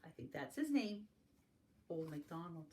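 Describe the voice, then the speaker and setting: A woman reading farm-animal picture books aloud to young children in a slow, sing-song storytime manner, adding animal sounds along the way. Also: low voice, big pitch swings, mellow, a little hiss or hum. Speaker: family literacy facilitator. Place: home, recorded for an online circle.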